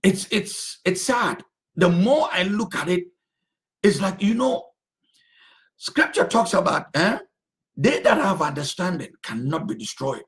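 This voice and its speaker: A man preaching as a pastor, his voice pitched high and ranging widely. He speaks slowly and deliberately, stretching out phrases and repeating them for emphasis. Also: big pitch swings, a bit bright. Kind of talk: sermon.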